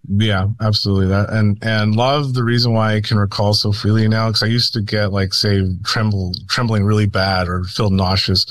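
A man's voice: fairly low pitch, level tone, fairly quick, few pauses. A man speaking as a radio guest, rambling with many restarts and nervous laughs. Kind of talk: radio interview talk.

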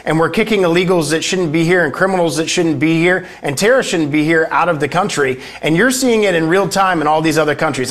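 A male congressman speaking as a guest in a political interview. His voice sits slightly high, and he delivers emphatic talking points, often pausing on "uh". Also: a bit bright.

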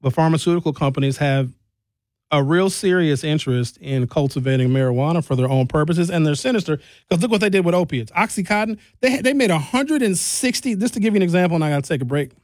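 Animated man ranting in a dry room. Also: fast, no echo. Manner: animated, emphatic, jumping pitch. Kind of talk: ranting commentary monologue.

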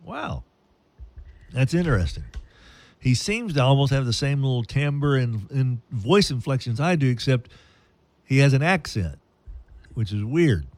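A man's voice: medium pitch, big pitch swings, a little slow, long pauses, darkish tone, no echo. A man hosting a sports radio show in casual, playful banter with jokey asides.

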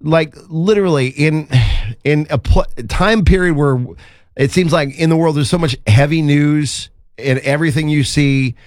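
A man's voice: a little high, moderate pace, dry recording, studio quality. A man hosting a radio show, talking in an upbeat, earnest, rambling way. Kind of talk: casual morning-show chat.

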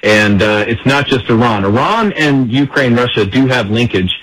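A man's voice: medium pitch, lively intonation, moderate pace, a bit bright, low-quality recording. A man giving emphatic political commentary in an interview, acting out the words of others as he explains. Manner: emphatic, acts out quoted speech.

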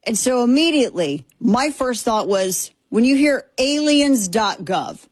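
A woman hosting a talk show, giving sarcastic, animated commentary and slipping into excited put-on voices. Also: fairly high pitch, a little slow, slightly rough, dry recording. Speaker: show host. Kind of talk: casual political commentary.

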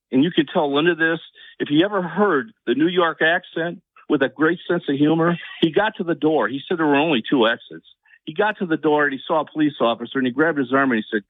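A man calling in to a radio talk show, telling a long story with halting restarts, his voice climbing as he gets upset. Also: medium pitch, no echo. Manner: halting restarts, voice rising with anger. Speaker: radio caller. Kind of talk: emotional call-in story. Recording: tinny phone line, dry.

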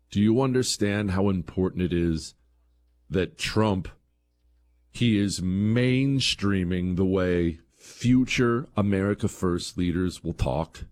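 Emphatic male talk radio host. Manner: emphatic, rising to heated peaks then dropping low.

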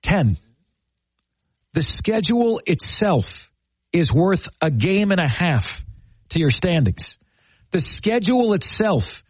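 Guy hosting sports radio, punchy rhetorical style, kinda high voice, dry studio sound. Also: slightly rough, no room sound. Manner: emphatic, rhetorical questions. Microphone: studio microphone.

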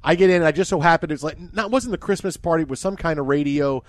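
A man hosting a sports radio show, chatting casually and telling stories in an animated, rambling way. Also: on the high side, fast, no room sound, studio quality. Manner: animated, rambling with restarts and laughs. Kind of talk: casual sports talk and storytelling. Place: studio.

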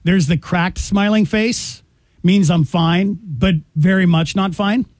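High-voiced teasing male radio host. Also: takes it slowly, darkish tone, dry recording. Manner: teasing, playful questions. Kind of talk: casual on-air chat. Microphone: studio microphone.

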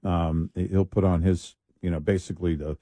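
Deep, mellow man, dry close sound. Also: fairly even intonation, no echo. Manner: listens with short agreements, unhurried. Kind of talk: casual chat.

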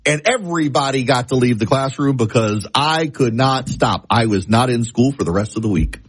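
A man hosting a talk show, speaking in a deliberate, emphatic way and repeating phrases to tell a story and give commentary. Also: medium pitch, animated, breathy edge, no echo. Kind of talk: talk radio monologue.

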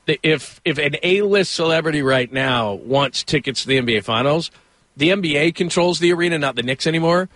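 Bright-voiced rambling radio host. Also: male voice, fairly high pitch, fairly quick, no room sound. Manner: rambling, animated, laughs often. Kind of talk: casual sports talk and storytelling.

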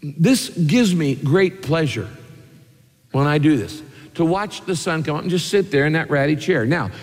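A man's voice: a little high, lively intonation, moderate pace, in a large hall. A man preaching a sermon, telling homey stories and asking rhetorical questions. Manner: folksy storytelling with rhetorical questions. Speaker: pastor.

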